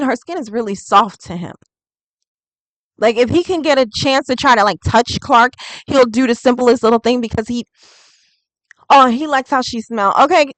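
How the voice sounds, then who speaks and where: A woman's voice: a little high, fairly bright tone, dry recording, rough recording. A woman doing a casual tarot reading vlog, chatty and rambling, full of "like". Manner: chatty and rambling, heavy use of "like". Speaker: tarot reader.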